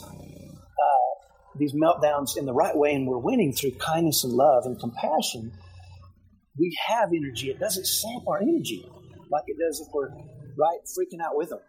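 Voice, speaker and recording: Upbeat fatherly man, slightly high voice. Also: slight background noise, low-quality recording. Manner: energetic, keeps asking "right?". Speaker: parent sharing autism parenting advice. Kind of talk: motivational talk.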